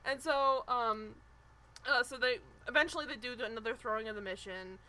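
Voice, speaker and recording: Bright-voiced woman, animated recap chat. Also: fairly high pitch, normal speed, low-quality recording. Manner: animated, swearing, mimics people she discusses. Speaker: podcast co-host.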